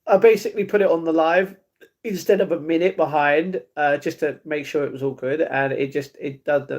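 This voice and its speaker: A man chatting casually on a live stream, reading chat messages, laughing often and trailing off quietly. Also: a little high.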